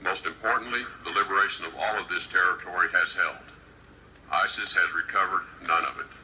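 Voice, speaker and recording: Official at a podium: man, low and very forceful, formal and measured, emphatic. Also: a little hiss or hum, rough recording. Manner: measured, deliberate, emphatic delivery. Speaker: government official addressing a conference. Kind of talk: formal prepared speech.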